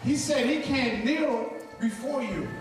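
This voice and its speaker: A man preaching fervently at a conference service, pausing between phrases for his interpreter. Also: extremely high pitch, over music. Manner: fervent and shouting, pausing for translation. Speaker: guest preacher. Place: large church hall. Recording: echoey hall, far from the mic, crowd behind.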